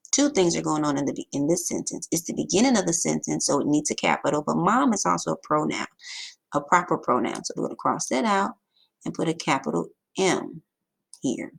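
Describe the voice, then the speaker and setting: A woman teaching a grammar lesson over slides, emphatic and lively, with sudden jumps in pitch. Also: vocal fry.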